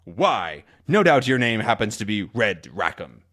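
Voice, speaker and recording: A man voicing a gruff, irritable male sea captain who talks bluntly and impatiently. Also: fairly low pitch, sing-song, a little slow, fairly bright tone, full character voice.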